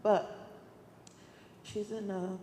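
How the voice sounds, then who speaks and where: A young woman gives a halting, tearful funeral eulogy, stopping often on fillers. She talks slowly. Her voice rings out with long reverb in a church hall, over faint background noise. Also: medium pitch, flat delivery, warm tone. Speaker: granddaughter giving a eulogy.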